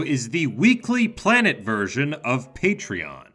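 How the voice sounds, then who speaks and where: A man narrating a scripted explainer video in a wry, deadpan way. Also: medium pitch, unhurried, soft background music.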